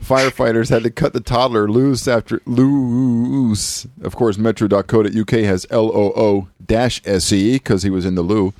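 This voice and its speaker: A man's voice: fairly even intonation, moderate pace, hardly any pauses, a little mellow, no room sound. A man hosting a podcast in a studio, chatting casually in a joking, rambling way and laughing often. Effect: pitch-shifted high cartoonish voice. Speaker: podcast host. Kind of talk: casual chat.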